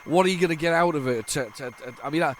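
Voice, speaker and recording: A fairly high-pitched man races through casual gameplay commentary on his retro gaming channel, his nose audibly stuffy. Slight background noise sits under his rambling talk, which is full of restarts and repeats.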